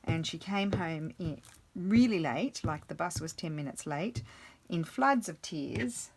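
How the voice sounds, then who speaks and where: A woman's voice: on the low side, expressive, unhurried, husky. Chatty woman crafting on camera. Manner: rambling, chatty, many fillers and restarts. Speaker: craft vlogger. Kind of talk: casual chat while crafting.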